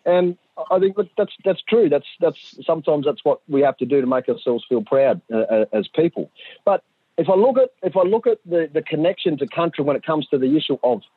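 A middle-aged man, telling a story in a lively way and acting out the voices of the people in it. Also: a little high, brisk, slightly rough, no echo. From Central Australia. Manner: animated, acts out voices of his sons and others. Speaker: community storyteller. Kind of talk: conversational storytelling. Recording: dry tinny phone-like audio.

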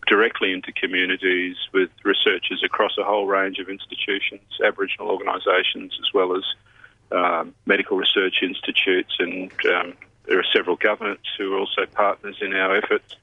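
Deep-voiced man on a muffled line. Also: level tone, husky, no room sound. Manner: measured, explanatory, with many pauses and fillers. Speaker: CEO of a health research institute. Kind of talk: radio interview.

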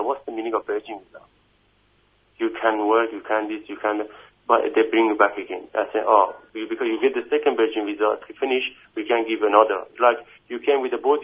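A man whose first language is not English, speaking in a halting, emotional way on a phone interview, with many restarts and repeated "you know what I mean". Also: on the low side. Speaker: immigration detainee giving an interview. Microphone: phone call. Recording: tinny phone line.

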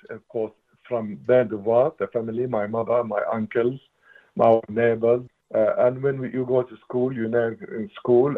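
A man in his seventies from Palestine, speaking as a guest in a radio interview in an impassioned, emphatic way. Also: mid-range voice. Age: 70s. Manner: impassioned, emphatic, occasional restarts. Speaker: interview guest, writer and political analyst. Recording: tinny phone-like radio line.

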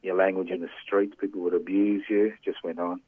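An older man hosting a casual radio interview, speaking haltingly with many fillers. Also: low voice, flat delivery, no room sound. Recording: tinny phone-like radio sound.

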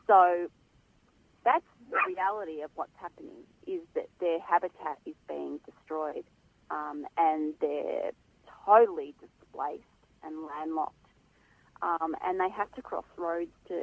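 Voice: medium pitch, measured pace, gravelly, no room sound. A guest, speaking passionately and emphatically about animal welfare in a phone interview. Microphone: telephone. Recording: tinny phone line.

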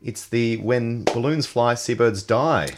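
A man's voice: mid-range voice, takes it slowly, noisy background. A man with an Australian accent hosting a casual community radio chat, laughing easily and using plenty of fillers. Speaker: radio show host.

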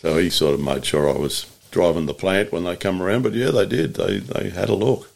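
This is an older Australian man with a very deep, gravelly voice. He is a union organiser being interviewed, and he recalls his working years in a plain-spoken way, often stopping to correct himself. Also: fairly quick, a little mellow. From Latrobe Valley, Australia. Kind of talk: reflective interview storytelling.

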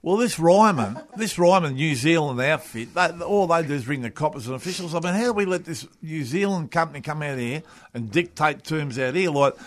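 An Australian man with a slightly higher voice co-hosts a live radio show. He ribs the others, full of slang and mock outrage. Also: animated, fairly quick. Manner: teasing, ribbing, broad slang. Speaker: radio host.

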